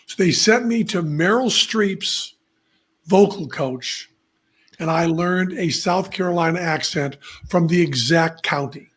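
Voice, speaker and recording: A man hosting a podcast, telling stories in a casual, animated way and laughing at his own anecdotes. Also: fairly high pitch, a little slow, breathy edge. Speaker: podcast host. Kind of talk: casual storytelling chat.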